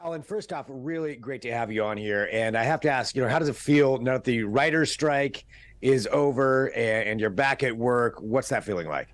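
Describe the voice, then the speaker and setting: A man's voice: mid-range voice, normal speed, dry recording. A man, a local TV reporter, introducing and conducting an interview in a friendly, chatty way.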